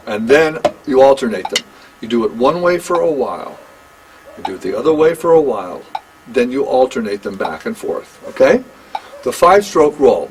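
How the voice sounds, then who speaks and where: An older man giving a one-on-one drum lesson, talking in a halting, conversational way and counting beats aloud. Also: mid-range voice, background noise. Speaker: drum teacher.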